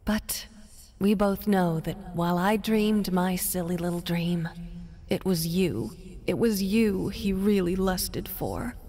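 An actress voicing a wistful, bitter wife in a video game, speaking in a breathy, hushed voice. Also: female voice, on the low side, slow pace.

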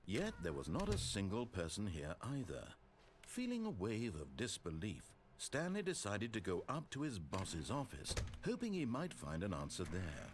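A man's voice: lowish voice, huge pitch swings, moderate pace, background noise. A man voicing a dry, sardonic narrator in a game, with wry, theatrical, exasperated asides. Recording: game audio with music behind.

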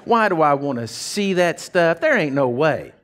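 A man preaching a folksy, animated sermon as pastor of a church. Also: on the high side, moderate pace. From Texas.

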